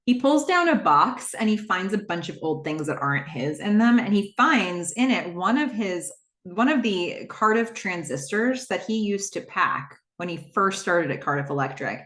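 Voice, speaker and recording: Casting: woman podcast host, casual rambling recap, mid-pitched, roomy echo. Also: lively intonation, normal speed, a bit bright. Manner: chatty, rambling with fillers and asides.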